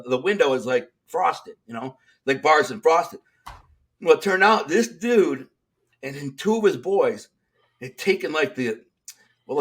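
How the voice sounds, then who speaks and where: A middle-aged man with a Detroit accent, a guest in an interview, telling stories in a streetwise, animated way and acting out the lines of people he quotes. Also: a little high. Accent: Detroit, Michigan. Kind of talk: storytelling in casual interview.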